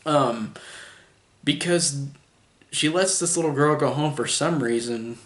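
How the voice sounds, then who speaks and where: A man talks through a movie review in a loose, rambling way, filling his sentences with "like" and restarting them. His voice sits at an ordinary middle pitch. The room around him is roomy and echoing. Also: slow, a bit bright. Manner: rambling, full of "like" and restarts, chuckling. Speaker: film reviewer. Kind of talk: casual spoken movie review. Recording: echoey room.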